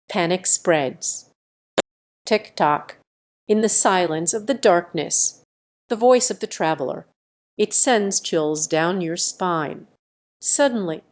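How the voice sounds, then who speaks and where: A woman narrating a fantasy audio story in a measured storytelling voice. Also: mid-range voice.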